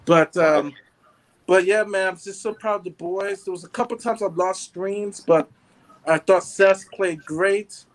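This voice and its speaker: A man chatting as an excited fan, rambling with many fillers. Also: high voice, a little slow.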